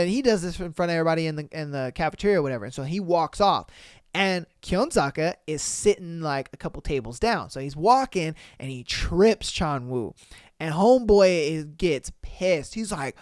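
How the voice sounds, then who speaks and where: A man's voice: on the high side, expressive, moderate pace, no echo, studio quality. A man hosting a podcast, recapping a drama in a rambling, slangy, casual way. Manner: rambling, full of fillers and slang. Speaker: podcast host.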